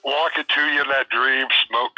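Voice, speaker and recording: A man on a voice call with a husky voice, teasing his friends and spinning dramatic little scenes. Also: mid-range voice, fairly even intonation, normal speed, pushed and bright, no echo, soft background music, rough recording. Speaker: friend on voice chat. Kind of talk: casual chat over voice call.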